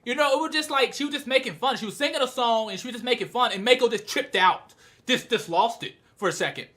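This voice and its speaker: Young woman reviewer, bright and forceful, slangy and animated, prone to shouting when excited. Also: on the high side, fast talker. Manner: slangy, retells scenes with quoted lines. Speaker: manga reviewer. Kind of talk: casual video review.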